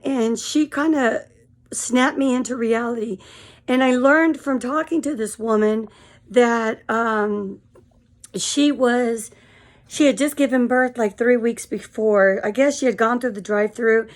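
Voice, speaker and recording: A tired woman in her fifties telling a frank, rambling story straight to camera. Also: fairly high pitch. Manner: frank and rambling, full of fillers. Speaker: vlogger. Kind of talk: casual storytelling monologue.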